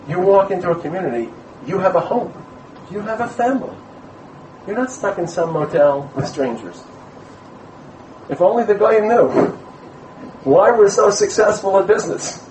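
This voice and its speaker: A man delivers an animated, story-filled community sermon in a fairly high voice. His voice carries through an echoey room, picked up from some distance away with faint ambience behind it. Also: normal speed, long pauses, slight background noise. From Brooklyn, USA. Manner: animated storyteller, mixes in Hebrew terms. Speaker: rabbi giving a community talk. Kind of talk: lively sermon-style lecture with stories.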